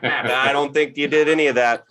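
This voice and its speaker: A man's voice: mid-range voice, steady tone, moderate pace, a loud crowd. A man of thirty doing a stand-up comedy set, grumbling and exasperated, slipping into mocking voices. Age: 30s. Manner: grumpy, exasperated delivery with mocking character voices. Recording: live show with audience laughter.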